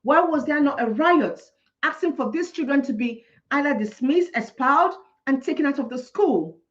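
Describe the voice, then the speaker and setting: Impassioned high-voiced woman ranting. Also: animated, moderate pace. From Nigeria. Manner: ranting, indignant, repeating points for emphasis. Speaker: teacher and vlogger. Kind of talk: impassioned commentary. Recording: dull lo-fi recording.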